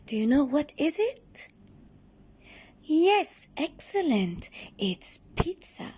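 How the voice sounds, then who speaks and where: Woman, Egyptian English accent, kids' phonics teacher: lively sing-song delivery, slow and coaxing, mellow slightly breathy tone. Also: sits high. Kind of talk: children's phonics lesson.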